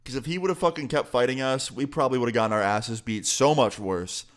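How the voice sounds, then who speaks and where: A man's voice: medium pitch, brisk. A man telling a story casually as a vlogger, swearing freely in a laid-back way.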